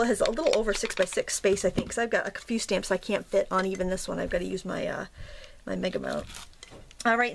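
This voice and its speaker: A woman talks through a craft demonstration in a relaxed, rambling way, full of ums and little self-corrections. Her voice sits a bit high, and faint clicks of tools can be heard behind her. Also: noisy background. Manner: chatty, rambling, with many fillers and self-corrections. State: slightly out of breath from pressing stamps. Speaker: craft tutorial host.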